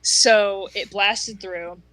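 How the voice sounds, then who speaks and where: Bright, eager woman explaining gameplay. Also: medium pitch, fairly even intonation, drawn-out words, no echo, rough recording. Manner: enthusiastic, explanatory, fillers. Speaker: podcast co-host. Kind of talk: casual chat.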